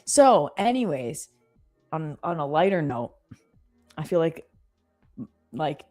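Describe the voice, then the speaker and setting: A woman's voice: deep voice, slow pace, faint music behind. A woman in her thirties chatting casually as a co-host, telling stories animatedly and acting out the voices. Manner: animated storyteller, acts out voices. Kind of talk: casual chat.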